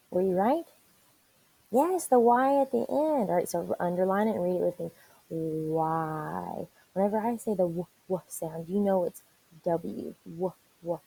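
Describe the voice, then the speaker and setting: A woman teacher leading an online reading lesson for young children, spelling words out slowly and encouraging them. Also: fairly low pitch, vocal fry, mellow, husky, poor audio. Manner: encouraging, slow and deliberate spelling aloud.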